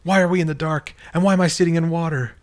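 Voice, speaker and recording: Man putting on a sassy, sharp-tongued young woman. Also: a little high, fairly even intonation, fast, voice pushed up, natural voice.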